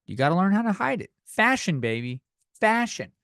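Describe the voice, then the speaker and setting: A man's voice: high-pitched, very animated, normal speed, a bit bright, clear, resonant tone, no echo, clean studio sound. A young man hosting a comedy podcast, ranting in a loose, profane, slightly tipsy way and a bit out of breath. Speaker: podcast host. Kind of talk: rambling comedic rant.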